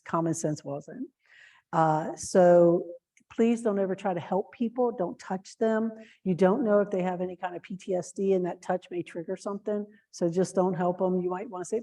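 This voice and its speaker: A woman with a fairly low, warm voice, speaking at normal speed, earnestly trains shelter volunteers. She uses plenty of fillers and restarts and acts out sample phrases in a lifted voice.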